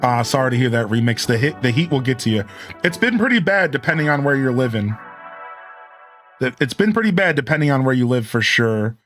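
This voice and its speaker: Chatty male streamer over soft music. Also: medium pitch, expressive, brisk. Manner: chatty, thanks viewers, restarts words. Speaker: game streamer host. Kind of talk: casual live-stream chat.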